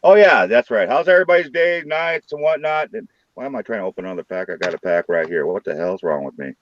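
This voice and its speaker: Livestream host, male, low voice, rowdy crude banter, dull lo-fi audio. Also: lively intonation, quick pace, no echo. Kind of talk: casual live-stream chat.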